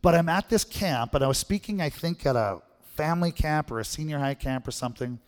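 In a hall with long reverb, a middle-aged Manitoban man delivers a story-driven sermon. His voice is fairly high, lively in intonation and fairly quick, and he keeps asking the congregation questions, frequently adding "right?".

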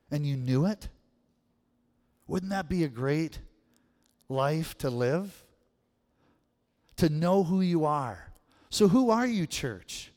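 A man with a fairly high, slightly mellow voice preaches in a church sanctuary, where a long reverb tail trails his words. His sermon is conversational, and he keeps checking in with the congregation by asking "right?"

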